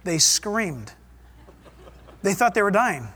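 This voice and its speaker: A man preaches a sermon and reads scripture aloud, fervent and emphatic, his pace swinging between quick and drawn out. His voice sits high and sing-song, with a sharp tone and a breathy edge.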